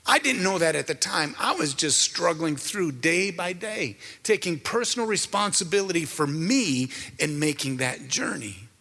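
A man's voice: a little high, sing-song, moderate pace, vocal fry, few pauses, sharp tone. A man giving a sermon with a personal testimony, telling his story in an earnest, emotional way. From Canada. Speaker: minister. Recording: hall with long reverb.

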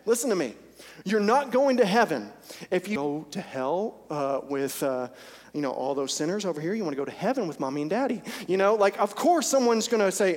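A male pastor preaches earnestly and intensely during a church service, repeating phrases for emphasis. His high-sitting, expressive voice is darkish in tone and fairly quick, and the sanctuary gives a long reverb.

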